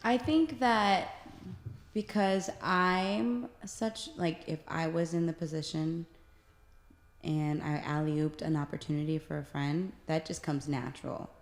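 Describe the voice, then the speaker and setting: Low-voiced woman in an echoey room. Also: steady tone, unhurried. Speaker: guest actress. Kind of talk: casual chat.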